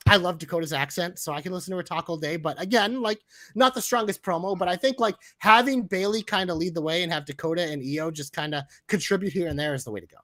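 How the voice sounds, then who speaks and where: A man hosting a casual wrestling podcast, chatty and excitable, swearing now and then. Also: high voice, dry recording. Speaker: podcast host.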